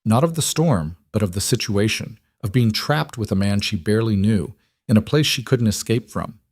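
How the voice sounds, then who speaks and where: A man reading a western story aloud in a measured, scripted narration. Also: fairly low pitch, lively intonation, a little mellow, breathy edge, dry recording, studio quality.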